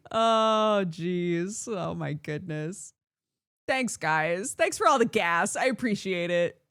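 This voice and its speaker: A woman streamer chatting casually with her viewers. Her pitch leaps up and down with animation, and she laughs readily between thoughts. The sound is dry and close, with no room around it. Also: slow, dry recording. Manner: animated, laughs often, reads chat aloud.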